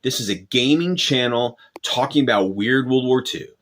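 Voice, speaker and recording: A man's voice: medium pitch, animated, normal speed, fairly bright tone. A man hosting his own channel, delivering an angry, profane rant with lots of swearing and restarts. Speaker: channel host.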